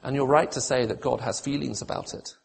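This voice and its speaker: A man's voice: medium pitch, a little fast, vocal fry, a little hiss or hum. A man preaching a sermon, pleading with emotion when voicing God's appeals and turning to dry, self-mocking humour.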